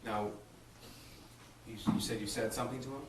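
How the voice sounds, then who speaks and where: A man, an attorney, questioning a witness in court in a measured, careful way. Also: medium pitch, fairly even intonation. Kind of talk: courtroom examination. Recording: roomy, distant, noisy courtroom audio.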